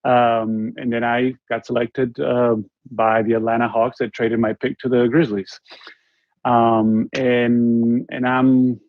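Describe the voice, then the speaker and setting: A man in his forties with a Spanish accent tells a story as an interview guest, earnest and halting, often restarting his sentences. His voice sits at an ordinary middle pitch. The recording is dull and lo-fi, with a dry, close sound. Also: little pitch movement, no room sound. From Spain. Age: 40s. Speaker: interview guest, former basketball player.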